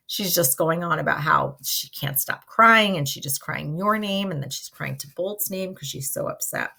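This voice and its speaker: A woman's voice: low voice, moderate pace, vocal fry, bright, forceful tone. A woman teacher casually explaining a play to students in plain, conversational words.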